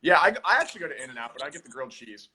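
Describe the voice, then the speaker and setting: A man's voice: medium pitch, very animated, pushed and bright, a little hiss or hum. Easygoing man chatting on a call. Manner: easygoing, rambling, halting restarts. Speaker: guest, drummer. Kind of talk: casual video-call chat.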